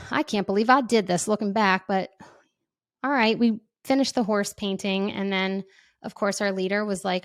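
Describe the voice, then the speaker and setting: A woman's voice: medium pitch, normal speed, dry recording. Woman host, candid storyteller, chatty delivery, dry close podcast mic. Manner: candid, chatty, lots of filler words. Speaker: podcast host and parenting coach. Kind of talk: personal storytelling monologue.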